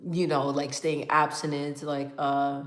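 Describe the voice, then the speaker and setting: A woman hosts a casual livestream, reading viewer comments aloud in a calm, even tone peppered with fillers and frequent laughter. Her voice is deep, her pace measured, and the sound is reverberant.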